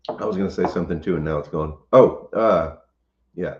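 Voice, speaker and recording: A man hosting a relaxed livestream chat from home, speaking haltingly and greeting viewers from the comments. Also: low voice, a loud crowd. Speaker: homestead channel host. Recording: roomy, slightly dull sound.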